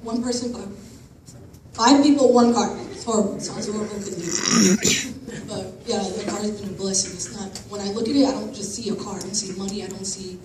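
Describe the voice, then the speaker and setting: A woman's voice: mid-range voice, fairly even intonation, a little fast. A woman sharing a personal testimony with a group in a chatty, self-conscious way, often laughing and apologizing. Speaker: church member giving testimony. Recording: echoey room, distant mic, noisy.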